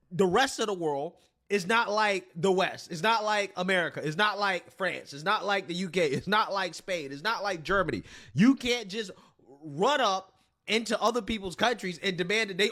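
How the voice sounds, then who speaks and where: A man's voice: high voice, pushed and bright. A man hosting a reaction commentary, blunt and swearing freely, laughing between phrases. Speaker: commentary channel host.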